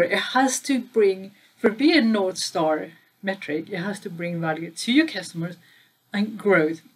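A woman's voice: mid-range voice, breathy edge. Woman explaining business metrics to camera. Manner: conversational, stresses key words, asks viewers questions. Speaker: channel host and data trainer. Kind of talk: casual explainer video.

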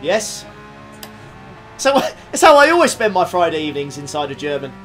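A young man streaming a racing game, reacting excitably with frequent laughs and quick apologies while talking to his chat. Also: a little high, faint music behind. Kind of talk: live racing game commentary. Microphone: desktop USB condenser mic.

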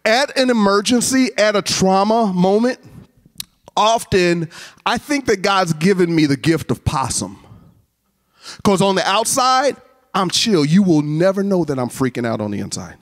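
A man's voice: high-pitched, unhurried. A man speaking at a college chapel, telling a humorous personal story in a sermon and acting out the voices of the people in it. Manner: animated, acts out voices in his stories.

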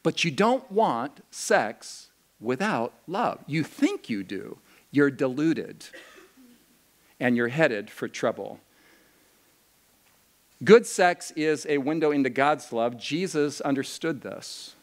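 A male pastor preaching to a youth camp. He moves between slow, solemn scripture reading and quick, joking asides. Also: mid-range voice, lively intonation. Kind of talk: sermon to a youth camp crowd.

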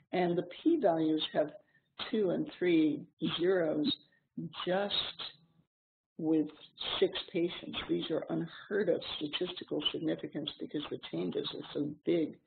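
A middle-aged woman giving a clinical seminar lecture. She explains in a measured way, with frequent pauses and ums. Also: low-pitched, creaky. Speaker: seminar instructor. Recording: tinny lo-fi seminar recording with faint hiss.

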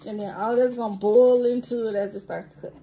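A woman's voice: on the high side, fairly even intonation, brisk, creaky, dark tone, slight background noise. A woman cooking at home with her young son, coaxing and encouraging him in a playful, giggly way for a casual cooking vlog.

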